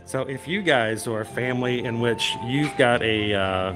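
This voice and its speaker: A man's voice: mid-range voice, a little slow, hardly any pauses. A middle-aged man telling a story casually on a theme park livestream, chatty and self-deprecating, laughing often. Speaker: livestream vlogger. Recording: music playing loudly behind.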